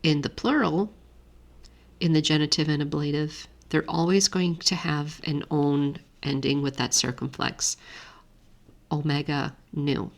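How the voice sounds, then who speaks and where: Low, gravelly woman teaching grammar. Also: a little slow. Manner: steady, methodical explaining. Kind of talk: screen-share lesson walkthrough.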